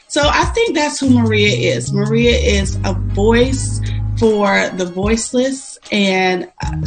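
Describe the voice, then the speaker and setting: A woman speaking as a podcast guest, telling her story in a heartfelt, faith-filled, reflective way. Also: on the high side. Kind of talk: testimonial interview talk.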